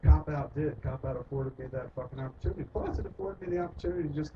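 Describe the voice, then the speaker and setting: A man with a fairly high, racing voice, a filmmaker, tells stories in casual, profane talk. He swears often and acts out the voices of the people he quotes. The recording sounds distant and muffled, with loud noise.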